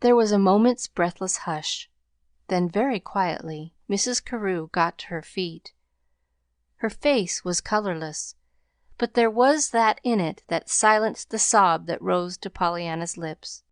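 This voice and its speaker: A woman reading an audiobook aloud in measured, even scripted narration. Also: medium pitch, dry recording, clean studio sound.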